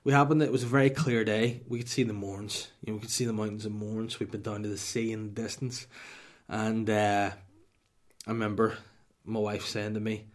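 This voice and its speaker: A man's voice: lowish voice, level tone, normal speed. A married Northern Irish man hosting a podcast, chatting casually through listener questions with crude, mock-boastful rambling. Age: adult, married. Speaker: podcast host.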